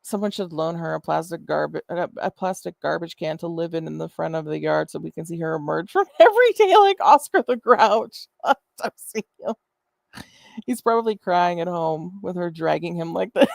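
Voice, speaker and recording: A woman's voice: fairly low pitch, lively intonation, normal speed, creaky, no echo. Sarcastic, foul-mouthed woman commentator. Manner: mocking, profane, sarcastic. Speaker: commentary streamer.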